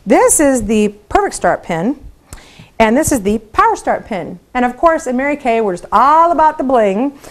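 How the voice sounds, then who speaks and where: A woman's voice: sits high, moderate pace. Upbeat woman coaching new sales recruits. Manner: upbeat, encouraging, acts out phone calls in lively voices. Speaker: sales team leader training new consultants. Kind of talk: training talk to camera.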